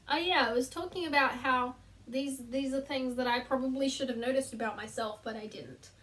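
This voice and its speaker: High young woman, chatty vlog, self-deprecating, slightly distant mic in a bedroom. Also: a little fast, a bit bright. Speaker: vlogger. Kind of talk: casual chat to camera. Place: bedroom, sitting on the floor between two beds.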